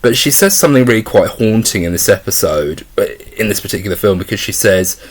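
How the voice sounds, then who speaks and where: A young man with a low voice talks through a film review off the cuff. He rambles, stumbles over restarts and leans on fillers as he goes. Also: expressive, a little fast. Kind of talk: casual spoken film review.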